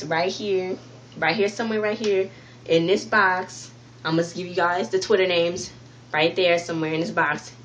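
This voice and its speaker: A woman's voice: on the low side, slight background noise. A woman vlogger casually retelling a TV episode's plot to her viewers, rambling, repeating herself and restarting sentences. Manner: talks directly to viewers. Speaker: TV review vlogger. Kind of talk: casual spoken episode recap.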